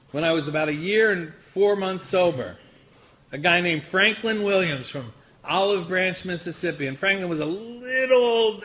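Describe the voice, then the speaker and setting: A man's voice: sits high, muffled recording. A man telling a personal recovery story to a group, wry and self-deprecating, often laughing through the funny parts. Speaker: speaker sharing a recovery story.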